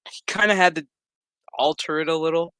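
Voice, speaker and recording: A man's voice: on the high side, steady tone, brisk, bright, forceful tone, clear, resonant tone, no room sound. A man giving a rambling, profane recap of a TV episode, acting out the characters' lines as he goes. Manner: rambling, profane, acts out quotes. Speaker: show recap reviewer.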